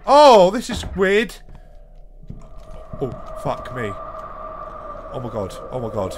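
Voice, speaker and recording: A man's voice: fairly high pitch, huge pitch swings, slow. Jumpy, foul-mouthed man. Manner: swears a lot, jumpy, panicky shouts and gasps. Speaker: gaming video host. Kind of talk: horror game commentary. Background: faint game music.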